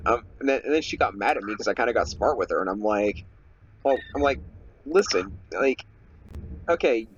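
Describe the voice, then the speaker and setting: A man's voice: on the low side, quick pace, a little hiss or hum. Rambling young man, dull home recording. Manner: rambling, irritated, many "like" fillers. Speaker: Let's Play commentator. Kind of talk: casual gameplay commentary and rant.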